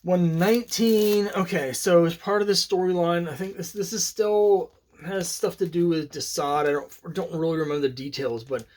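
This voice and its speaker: A man's voice: high-pitched, fairly even intonation, moderate pace, darkish tone. A man casually talking through his comic collection, rambling and opinionated, with many fillers and restarts. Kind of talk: casual solo commentary.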